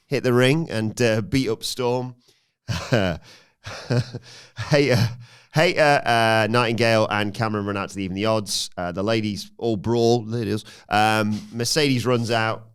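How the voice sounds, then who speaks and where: A man co-hosting a podcast, briskly recounting a wrestling match blow by blow with frequent fillers. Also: lowish voice, fairly even intonation, clear, resonant tone. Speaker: podcast co-host.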